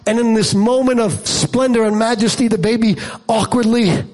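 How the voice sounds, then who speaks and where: A man preaching a sermon as pastor, emphatic, swinging from low storytelling asides to loud peaks, with humor and rhetorical questions to the congregation. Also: moderate pace.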